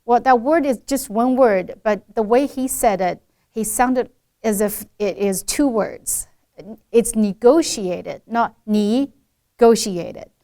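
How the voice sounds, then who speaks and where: A woman's voice: on the high side, a little slow, dark tone. A woman accent coach giving a pronunciation lesson, explaining by saying the right and the wrong way side by side.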